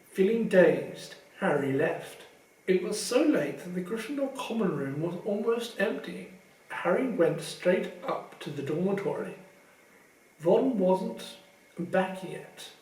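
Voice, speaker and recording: A man reading a novel aloud in a measured, expressive storytelling manner. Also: sits high, echoey room, far from the mic, poor audio. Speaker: audiobook reader. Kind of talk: fan audiobook narration.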